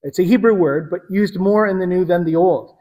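A man preaching a sermon to a congregation in a conversational teaching manner, pausing to correct himself. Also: high-pitched, mellow, big-room sound, low-quality recording.

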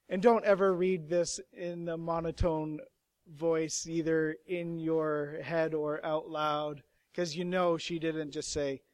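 A man preaching a sermon, moving from hushed, slow passages to emphatic, raised lines. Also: on the high side, dry recording. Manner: expressive, swings from hushed to emphatic.

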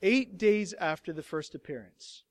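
A man with a notably high voice delivers a sermon, shifting between hushed reflection and emphatic declarations. The recording is close and dry, with no room echo. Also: a little slow. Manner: expressive, swings from hushed to emphatic. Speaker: preacher.

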